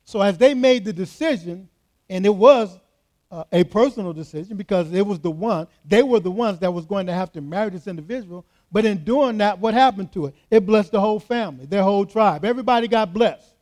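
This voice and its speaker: This is a man pastoring in church, with a voice pitched high for a man. He drives each point home with emphatic repetition. He speaks directly to his congregation. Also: lively intonation, a little fast, a little mellow. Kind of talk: sermon.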